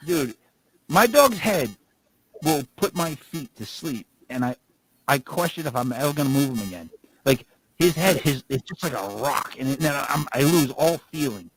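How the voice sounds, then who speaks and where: Man, podcast co-host, casual rambling chat, very animated pitch. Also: slight background noise, rough recording. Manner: rambling, laughs through stories.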